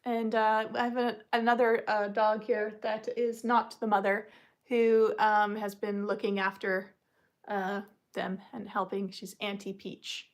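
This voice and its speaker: A woman's voice: little pitch movement, measured pace. A woman hosting a casual livestream, talking in a rambling, chatty way with frequent ums and uhs. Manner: coos at puppies in a high baby-talk voice. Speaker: livestream host. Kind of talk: casual live chat.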